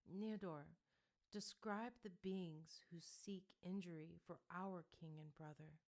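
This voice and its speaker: A woman's voice: lowish voice, steady tone, slow pace, a little mellow. A woman reading the lines of a grave male priest who speaks in formal, old-fashioned phrasing.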